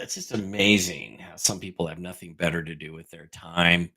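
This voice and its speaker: A man's voice: medium pitch, a bit bright. A man hosting a casual livestream, reading viewer questions and answering them bluntly, while his level drops whenever he moves off the desk mic. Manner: blunt, dismissive, thinks aloud while fiddling with mic settings. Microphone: desk microphone whose level drops as he moves away.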